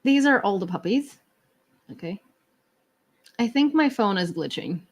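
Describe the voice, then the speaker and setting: A woman's voice: mid-range voice, lively intonation, unhurried. A woman from Ukraine hosting a casual livestream, chatting with viewers in an ironic, rambling way with many fillers and restarts, at home indoors. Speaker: livestream host.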